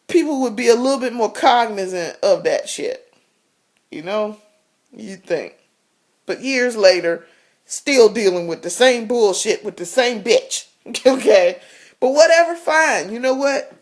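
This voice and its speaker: A woman's voice: on the high side, expressive, a little slow. A woman vlogger telling a story in a casual, blunt rant, swearing freely and laughing often.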